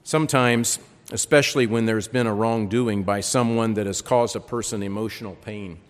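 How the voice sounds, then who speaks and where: A man preaching a sermon, reading scripture aloud with lively emphasis and frequent repeated words. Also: fairly low pitch, moderate pace. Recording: long reverb.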